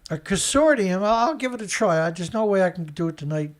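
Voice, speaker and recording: A man's voice: high voice, lively intonation, fast talker. Sarcastic indignant man hosting commentary. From Canada. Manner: sarcastic, indignant, breaks into laughter. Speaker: host of a news commentary show. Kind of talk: casual solo commentary reading news stories. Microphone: studio mic.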